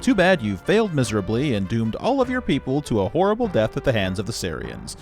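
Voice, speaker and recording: A man's voice: medium pitch, huge pitch swings, quick pace, music in the background. A man voicing the sarcastic narrator of a sci-fi adventure game, mocking the player's failures in a wry tone.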